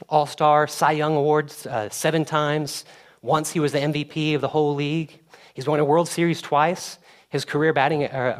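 A young male pastor gives a sermon in a mid-range voice. He talks casually, almost like chatting with friends, and livens up when he tells a story. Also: mid-range voice. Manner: conversational, animated when storytelling.

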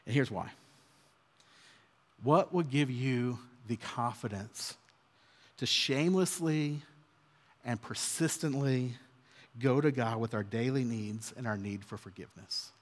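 A man's voice: mid-range voice, a little slow, long pauses. A man in his thirties preaching an earnest, conversational sermon as a pastor. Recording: long hall reverb.

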